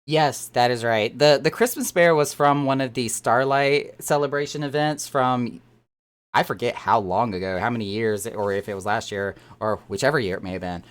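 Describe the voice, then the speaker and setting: A game streamer chatting casually with live viewers, animated and quick to laugh, who trails off and repeats words while searching for them. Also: mid-range voice. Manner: animated, excitable, laughs often.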